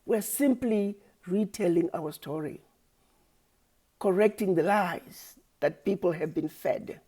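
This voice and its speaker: Slow and mellow, with a voice on the low side, an activist woman speaks straight into the camera. Her passionate address turns preachy and accusing, full of rhetorical questions and repeated phrases.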